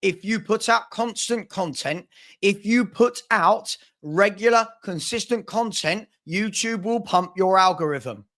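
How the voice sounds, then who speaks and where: A man's voice: high voice, unhurried, a bit bright. A man hosting a football channel, venting on a live stream with stammering restarts and repeated phrases. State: frustrated.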